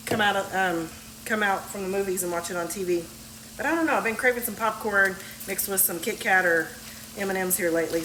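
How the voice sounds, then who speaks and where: A woman's voice: mid-range voice, slight background noise. A woman, chatting casually and folksily while cooking in her home kitchen. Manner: chatty, folksy, laughs easily. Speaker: home cook vlogger. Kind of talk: casual cooking video chat. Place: home kitchen, frying on the stove. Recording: echoey kitchen with loud frying sizzle. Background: sizzling pan and stirring.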